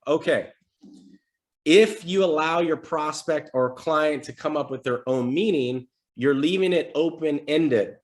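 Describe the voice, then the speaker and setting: Speaking a little slowly in a fairly high voice, a man teaches salespeople over a live stream set up at his home desk. His coaching is casual and energetic, built around role-played sample calls.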